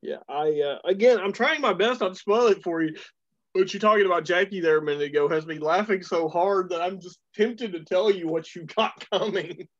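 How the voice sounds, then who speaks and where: A man with a fairly high voice chats loosely on a dull, lo-fi recording. He laughs easily, swears freely and pads his talk with fillers. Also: a little fast, no room sound. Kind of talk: casual chat.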